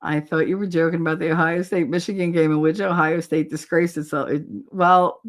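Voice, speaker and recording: A woman's voice: lowish voice, brisk, few pauses. A woman from New Jersey hosting a casual livestream, reading chat comments, blunt and swearing and often laughing. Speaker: host.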